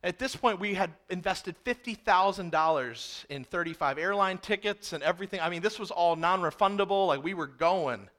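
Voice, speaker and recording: Bright, forceful preacher man. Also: high-pitched, moderate pace, hardly any pauses. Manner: animated storyteller, often speeding up and acting out exchanges. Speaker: pastor. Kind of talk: storytelling sermon.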